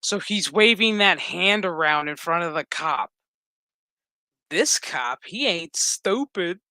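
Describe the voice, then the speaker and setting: A man's voice: high voice, slow pace, no room sound. A man hosting a casual show recap, rambling, swearing freely and acting out the scenes. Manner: rambling, profane, animated. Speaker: host.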